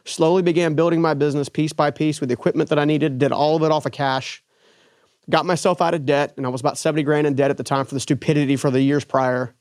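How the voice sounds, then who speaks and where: Man, animated storyteller, somewhat high voice, dry close sound. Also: fast, no room sound. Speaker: business owner guest. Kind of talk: storytelling in an interview.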